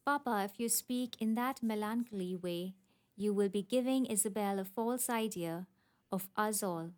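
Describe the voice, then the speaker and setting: A woman voicing a sensible, gently firm young woman in a storybook reading, sounding reassuring. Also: mid-range voice, moderate pace, close to an everyday voice. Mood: earnest.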